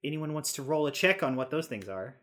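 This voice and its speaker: A man's voice: a little high, animated, fairly quick, a bit bright. A man narrating a tabletop game as game master, in a casual, rambling way with frequent fillers and chuckles.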